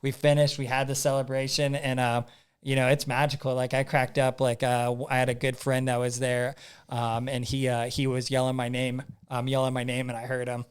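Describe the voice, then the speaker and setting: Man, podcast guest, smooth resonant voice, animated storytelling, frequent fillers. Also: medium pitch, a little fast. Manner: animated, acts out his own inner voice. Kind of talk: casual storytelling.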